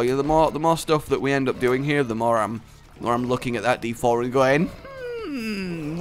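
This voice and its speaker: A young man talking through gameplay in an energetic, jokey, rambling way, full of silly asides. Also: medium pitch. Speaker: gaming YouTuber. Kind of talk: gameplay commentary.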